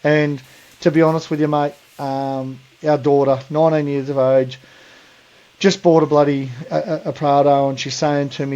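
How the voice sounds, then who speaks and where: A man's voice: mid-range voice, level tone, a little fast, dark tone, highs cut off. A man in his forties with an Australian accent, co-hosting a podcast in blunt, sweary casual chat, calling people mate and brother. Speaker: podcast co-host.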